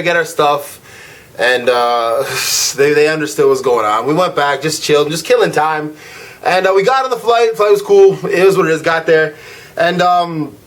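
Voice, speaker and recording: High-voiced young man ranting, slangy. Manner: animated, slangy, swings from loud irritation to laid-back drawl. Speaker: vlog host. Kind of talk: casual storytelling rant.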